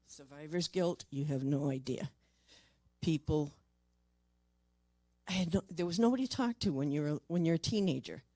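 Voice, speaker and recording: A woman's voice: low voice, no room sound. Older woman telling an emotional story. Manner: halting, repeats words, voice drops soft in tender moments. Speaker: paranormal investigator.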